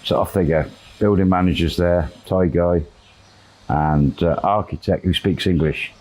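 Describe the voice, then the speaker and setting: A man telling a long story in a relaxed, rambling way, with fillers and quoted dialogue. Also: deep voice, measured pace, poor audio. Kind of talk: casual spoken storytelling.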